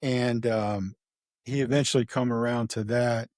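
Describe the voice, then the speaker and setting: A man's voice: medium pitch, steady tone, unhurried, darkish tone, dry recording, clean studio sound. A middle-aged man, a retired homicide detective, casually recounting a case, rambling with fillers and acting out the dialogue. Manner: rambling, acts out quoted dialogue, many fillers. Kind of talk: casual true-crime storytelling.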